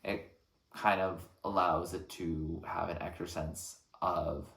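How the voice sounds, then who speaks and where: A man reacting to an album track by track, talking in an earnest, thoughtful way with frequent pauses between phrases. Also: sits low, vocal fry, fairly bright tone, reverberant. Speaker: music reaction channel host. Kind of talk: reflective album reaction commentary.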